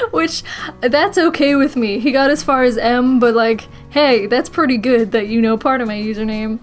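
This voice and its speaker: Excitable young woman doing a vlog voiceover, giggles a lot, kinda high voice. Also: measured pace, faint music behind. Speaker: vlogger. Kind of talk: casual storytelling voice-over.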